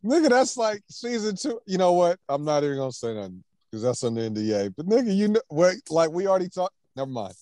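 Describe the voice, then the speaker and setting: A man's voice: high voice, sing-song, fast talker, few pauses, dark tone, no room sound, studio quality. A man hosting a casual pop-culture podcast. He is laid-back, laughs often, and keeps moving the show along to the next topic. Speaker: podcast host.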